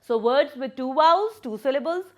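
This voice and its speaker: A woman's voice: high voice, expressive, moderate pace. A woman primary school teacher, giving a recorded lesson and patiently repeating words and breaking them into syllables.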